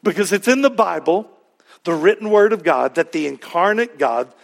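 A man's voice: high-pitched, lively intonation, moderate pace, gravelly. A man preaching a sermon as pastor, emphatic, with repeated refrains and rhetorical questions.

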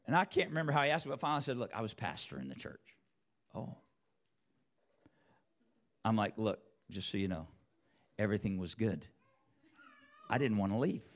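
A preacher telling a personal story in a church sermon, acting out both sides of the conversations. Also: male voice, on the low side, brisk, pauses often. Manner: animated, acts out both sides of dialogue. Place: church sanctuary.

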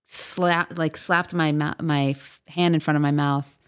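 A woman in her thirties speaks with a notably low pitch. She talks as a podcast guest in loose, rambling runs, full of fillers and restarts. She breaks into the voices of the people she quotes. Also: steady tone, measured pace, clean tone. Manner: chatty, many fillers and restarts, acts out quotes. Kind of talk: casual interview chat.

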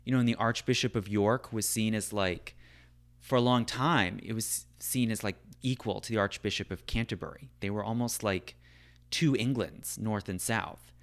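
A man's voice: lowish voice, moderate pace. A man talking through history in a loose, conversational way, full of "like" and "right?". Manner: loose, filler-heavy talk, frequent "right?" and "like". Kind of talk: conversational discussion.

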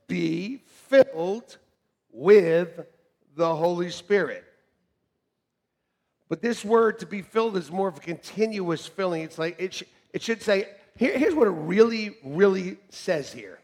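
A middle-aged man preaching a sermon to a congregation, joking and animated, swinging from shouts to quiet asides. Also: sits high. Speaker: pastor. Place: church hall with congregation. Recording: long reverb of a church hall.

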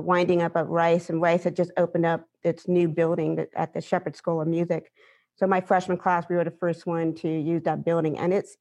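Composer lady on a panel, kinda low voice, tells stories with lots of life. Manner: animated, vivid storyteller. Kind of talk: personal storytelling in a panel discussion.

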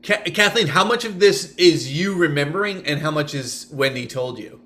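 Bright, lively man co-hosting a chat. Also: on the high side. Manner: quick reactions, stumbling restarts. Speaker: podcast co-host. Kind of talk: casual chat.

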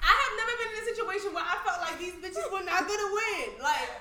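A woman's voice: very high-pitched, animated, quick pace. A woman telling a story in casual chat, slangy, acting out what people said and laughing often. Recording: roomy, a bit off-mic, faint noise.

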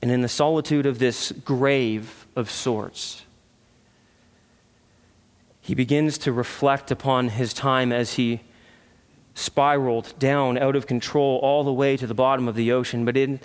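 A man, a pastor, preaching a sermon with earnest rhetorical questions, swinging between loud emphasis and hushed reflection, in a church sanctuary. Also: mid-range voice, fairly even intonation, normal speed. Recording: long hall reverb.

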